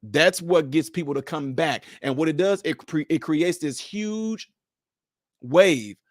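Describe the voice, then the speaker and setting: A man's voice: fairly high pitch, measured pace, no echo, clean studio sound. A man hosting a casual livestream for viewers, speaking emphatically with a preacher-like delivery. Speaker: livestream host.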